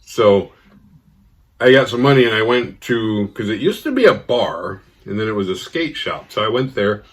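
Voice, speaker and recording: Husky low-voiced man rambling a story. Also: normal speed. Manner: rambling, profane, restarts mid-sentence; animated when quoting others. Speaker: horror movie review host.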